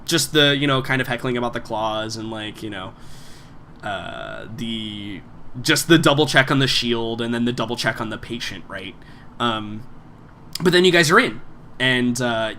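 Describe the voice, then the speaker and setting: A man's voice: medium pitch, fairly bright tone. A man narrating as game master of a tabletop game, rambling with lots of fillers. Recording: faint background noise.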